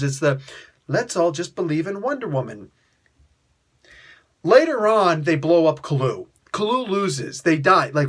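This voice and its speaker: Animated man ranting in a review. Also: fairly high pitch. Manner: animated, exasperated ranting with mock outbursts; heavy use of filler "like" and "you know". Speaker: comic book reviewer. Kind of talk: casual spoken review.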